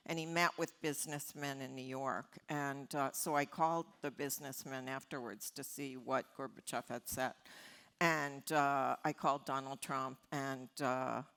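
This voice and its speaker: Bright-voiced older woman telling stories. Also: low voice, clear, resonant tone. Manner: animated, laughing storyteller. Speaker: interview guest, columnist. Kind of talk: anecdotal storytelling on stage.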